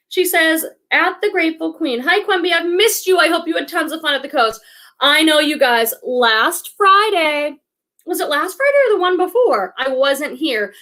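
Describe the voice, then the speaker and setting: A middle-aged woman hosting a casual livestream, chatty and excitable, greeting viewers by name. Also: high-pitched. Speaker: livestream host.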